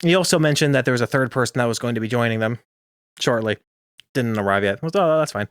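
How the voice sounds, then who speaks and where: A young man talking casually as a podcast co-host, jokey and full of laughter. His voice sits in an ordinary middle pitch. The sound is dry and close, with no room around it. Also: fast talker, fairly bright tone, clean tone, no echo. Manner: chatty, laughs often, jokey. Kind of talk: casual chat recapping an anime episode.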